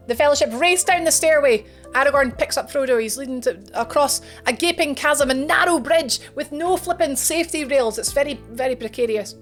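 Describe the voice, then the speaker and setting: High voiced lady streamer retelling an epic story, chatty, lots of slang and goofs, music low behind. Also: brisk, hardly any pauses. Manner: animated, chatty, slangy asides and self-corrections. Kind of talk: casual dramatic retelling of a story.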